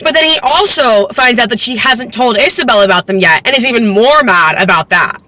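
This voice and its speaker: Young woman vlogger, bright voice, dry close sound, gossipy book recap with sarcastic asides. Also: fairly high pitch, lively intonation, brisk, dry recording, rough recording. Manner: chatty, heavy use of "like", sarcastic asides, giggles; swears casually.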